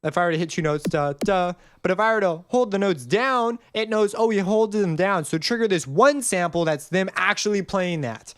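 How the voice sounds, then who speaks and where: A man's voice: high voice, animated, brisk, hardly any pauses, a bit bright, no echo. Man, young adult, casual music lesson, dry close sound, sings example notes. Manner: casual, rambling explanation with sung note demonstrations. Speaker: music composition teacher. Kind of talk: screen-recorded tutorial.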